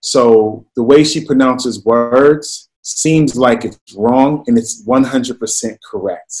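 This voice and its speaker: A male interviewer with an average-pitched voice. He listens with brief "wow"s and "right"s, then adds thoughtful asides in a casual, conversational way. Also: slow, darkish tone, poor audio. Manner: brief affirmations, reflective asides.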